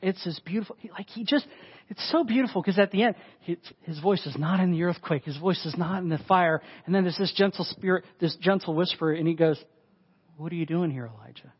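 High-voiced man preaching a sermon. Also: a little fast, slightly rough, muffled recording. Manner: conversational and emphatic, with frequent "like". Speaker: pastor.

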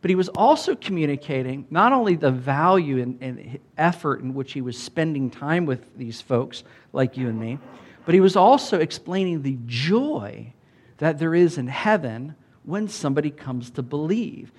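A man's voice: a little high, normal speed. A man preaching a sermon in a loose, conversational way, often asking the congregation "Amen?" and filling with "like". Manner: conversational, animated preaching with many "like"s and calls of "Amen?". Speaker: pastor.

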